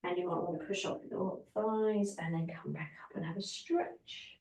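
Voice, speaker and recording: Woman calmly cueing an exercise class. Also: fairly low pitch, normal speed, vocal fry, far from the mic. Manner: calm, encouraging step-by-step cueing. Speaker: Pilates instructor. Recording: roomy echo, voice from off the mic.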